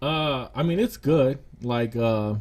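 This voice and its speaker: A man's voice: mid-range voice, takes it slowly, darkish tone. A man from the United States hosting a casual podcast chat, laid-back and slangy, laughing often. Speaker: podcast host.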